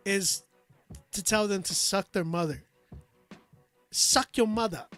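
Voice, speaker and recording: A man with a high-pitched, slightly bright voice reviews listeners' songs live on a stream. His casual chat is loose and slangy, full of frequent laughter and sentences that trail off with "like."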